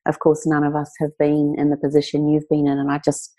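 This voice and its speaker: A woman's voice: low-pitched, monotone, fast talker, warm tone. A woman hosting a podcast who asks questions and gives thanks as an appreciative interviewer. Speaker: podcast host. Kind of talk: interview talk.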